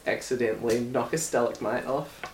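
A man's voice: mid-range voice, steady tone, brisk, a little mellow, slight background noise. A man playing a tabletop game, joking and describing his character's moves. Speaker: player.

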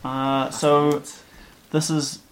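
A man's voice: a little high, flat delivery, extremely slow, roomy sound, slight background noise. A man playing in a tabletop game, describing his character's moves casually with lots of ums. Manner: thinking aloud with many ums. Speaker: player.

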